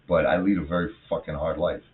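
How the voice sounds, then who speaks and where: A man's voice: extremely low pitch, fairly even intonation. Ranting man in his fifties, echoey and tinny. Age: 50s. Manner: rambling, swearing, quick to rant. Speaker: co-host. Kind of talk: casual political chat. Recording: echoey room on a tinny phone-like line.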